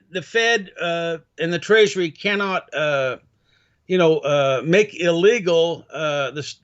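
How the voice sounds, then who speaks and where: A man speaks as a guest in a casual conversation, halting and full of restarts. His voice sits fairly high, and the audio sounds dull and lo-fi. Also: a bit bright. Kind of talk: casual chat.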